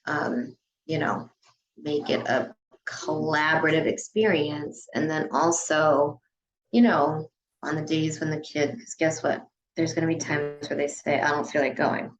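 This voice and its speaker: A woman's voice: sits low, level tone, a little slow, crowd noise, poor audio. A woman who runs a dance studio, talking casually on a podcast and often filling her speech with "you know" and "like". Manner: chatty, frequent "you know" and "like" fillers.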